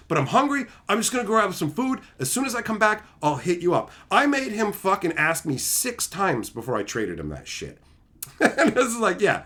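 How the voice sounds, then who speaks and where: A man's voice: on the high side, a bit bright. A man hosting a stream, telling profane anecdotes in casual chat and acting out both sides of each exchange. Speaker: streamer host.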